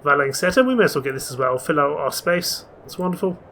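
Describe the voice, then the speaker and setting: Man, let's-play narration, chatty, fairly high voice. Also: very animated, fast, creaky, a bit bright, slight background noise. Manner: chatty, mixes reading with plans. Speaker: game player. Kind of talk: let's play, reading game text aloud.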